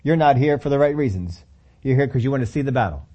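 A male preacher voicing a scornful older brother who mocks and scolds quickly. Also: mid-range voice, expressive, mellow, dull audio, natural voice. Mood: mocking.

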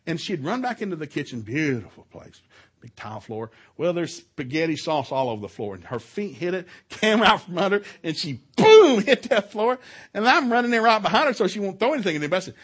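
Husky forceful middle-aged preacher man. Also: sits high, brisk. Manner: animated storytelling, shouts out quoted lines, chuckles often. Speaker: marriage seminar speaker. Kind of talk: preaching seminar talk. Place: church hall, live session.

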